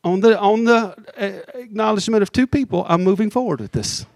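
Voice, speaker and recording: A man preaching a sermon as pastor, talking in a conversational way, teasing his congregation and slowing down hard on key words. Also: sits high, vocal fry, darkish tone, no echo.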